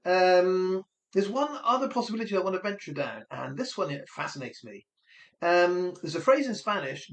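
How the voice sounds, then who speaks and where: A man's voice: high-pitched, sing-song, brisk, a bit bright. A man talking through theories in a musing, speculative commentary monologue, now and then acting out other people's words. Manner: musing, speculative, acts out quoted voices. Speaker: online commentator.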